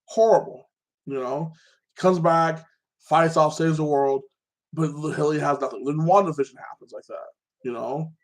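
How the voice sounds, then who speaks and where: A man excitedly recapping a movie in a casual chat, rambling and filling his talk with fillers. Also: on the high side, normal speed. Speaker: podcast host.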